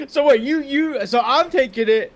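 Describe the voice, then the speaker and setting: A man's voice: very high voice, a bit bright. A man from England with an English accent, co-hosting a casual stream with teasing banter. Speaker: co-host. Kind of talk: casual live-stream chat.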